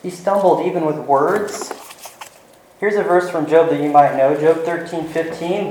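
A male pastor preaching a sermon in an earnest way, slowing down and dropping to a soft voice to stress his points. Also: on the high side. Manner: earnest, varies volume, slows for emphasis. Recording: echoey room.

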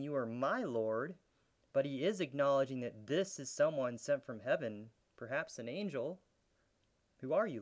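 A man delivers a sermon in an earnest, teaching way. His voice sits at a middle pitch and gathers intensity as his points build. Light laughs slip into his explanations. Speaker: pastor.

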